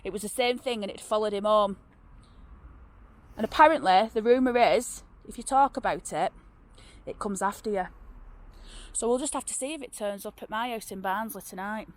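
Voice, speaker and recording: A woman's voice: medium pitch, normal speed, pauses often. A woman with a Northern English accent, telling local ghost stories in a rambling, chatty way outdoors, with many fillers and restarts. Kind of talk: casual storytelling on location. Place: outdoors by a road.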